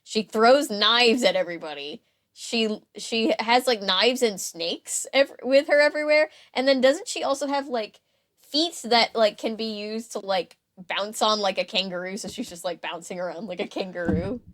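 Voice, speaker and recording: A woman's voice: mid-range voice, normal speed, fairly bright tone. A woman hosting a podcast, chatting casually about a novel in a sarcastic way, with frequent laughs and fillers. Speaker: podcast host.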